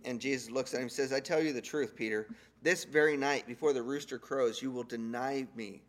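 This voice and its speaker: Guy preaching, chatty and animated, slangy retellings, mid pitch. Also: fairly quick. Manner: conversational, animated paraphrasing of scripture in casual slang. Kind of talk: sermon.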